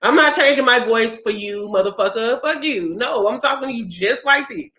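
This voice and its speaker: A woman's voice: a little high, animated, moderate pace, bright, forceful tone. Blunt, fired-up woman in a roomy room. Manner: blunt, profane, fired-up storytelling. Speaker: podcast host. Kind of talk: casual chat. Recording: roomy, dull lo-fi sound.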